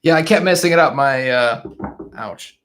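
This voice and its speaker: Man livestream host, casual chat, laughs a lot, restarts sentences, mid-pitched voice. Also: normal speed, fairly bright tone. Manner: chatty, laughs often, trails off and restarts. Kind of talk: casual live chat reading viewer comments. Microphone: desk microphone.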